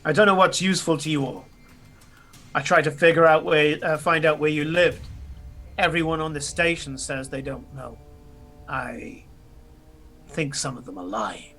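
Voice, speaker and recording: A man voicing a boisterous, aging alien crime boss who is loud, jovial and a little drunk. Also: a little high, normal speed, pauses often, faint music behind. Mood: earnest.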